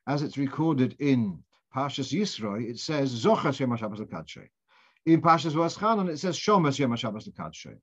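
Guy giving a torah class, thinking out loud, asks questions, restarts lines a lot, mid voice, muffled lo-fi sound. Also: mid-range voice. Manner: thinking aloud, posing questions and restarting phrases. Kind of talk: informal religious lecture. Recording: dull lo-fi recording.

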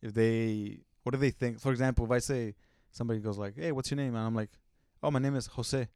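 A man co-hosting a casual podcast chat, laid-back and quick to laugh. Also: mid-range voice, steady tone, mellow, smooth, no echo, studio quality. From Spanish-speaking family in the United States. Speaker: podcast co-host.

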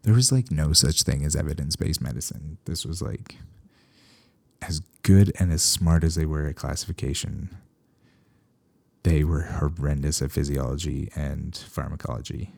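A veterinarian talking casually and at length, wandering into wry, sarcastic asides. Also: male voice, very deep voice, steady tone, moderate pace, creaky, a little mellow, breathy edge, no room sound. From Canada. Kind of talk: casual podcast talk.

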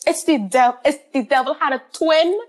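A woman chatting casually as she recounts a birth story, acting out quotes with animated shifts. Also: sits high, normal speed.

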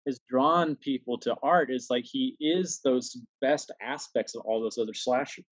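Animated storytelling man, dry sound. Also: mid-range voice, moderate pace, no echo, rough recording. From New York. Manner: animated storyteller, acts out voices. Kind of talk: casual chat.

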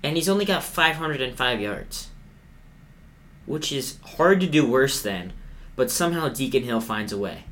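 A young man co-hosting a podcast, telling sports stories in an animated, sarcastic, self-mocking way. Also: medium pitch, normal speed. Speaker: podcast co-host. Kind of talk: casual sports chat.

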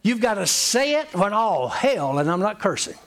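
High, lively-voiced man preaching. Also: moderate pace. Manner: emphatic, repetitive and folksy. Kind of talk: sermon.

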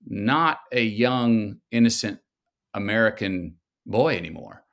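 A man in his fifties with a drawl speaks in a low, gravelly voice. He tells his stories slowly, pausing to reflect and stretching out key phrases. The feel is a relaxed, thoughtful interview. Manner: slow, reflective storytelling with drawn-out pauses. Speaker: guest. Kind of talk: conversational interview.

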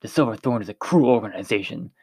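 A man reading a story, voicing a determined young male hero who speaks in a quiet, steady way. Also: fairly low pitch, fast, creaky, breathy edge, full character voice. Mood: resolute.

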